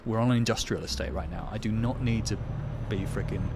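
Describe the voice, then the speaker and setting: A man's voice: lowish voice, brisk. Chatty man streaming over truck noise. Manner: chatty, self-deprecating, reads out and answers chat. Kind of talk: casual live-stream chat while playing a truck game.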